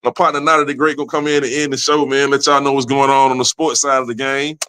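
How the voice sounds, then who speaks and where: A man's voice: mid-range voice, flat delivery, quick pace, sharp tone, clear, resonant tone. A man hosting a podcast, talking in a loose, profane street style and tagging lines with "man". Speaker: podcast host. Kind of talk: casual podcast chat.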